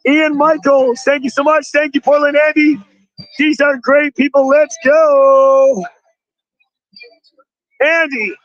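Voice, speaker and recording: Excitable high-voiced man with a strained voice. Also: dry recording, highs cut off. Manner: excitable, exclaims often, shouts thanks. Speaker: livestreamer thanking donors. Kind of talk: excited live-stream chatter reading donations. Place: outdoors at a street rally.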